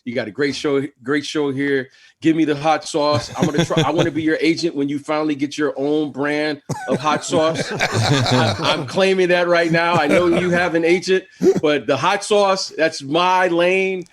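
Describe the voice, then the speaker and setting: A man's voice: a little high, moderate pace. A man talking as a guest on a podcast in casual chat, telling stories and laughing often. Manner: laughing storyteller.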